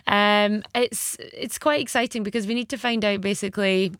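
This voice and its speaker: A woman's voice: mid-range voice, steady tone, normal speed, fairly bright tone, no room sound. A Scottish woman hosting a late-night radio show from the studio, chatting casually and laughing easily at her own slips. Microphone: studio microphone.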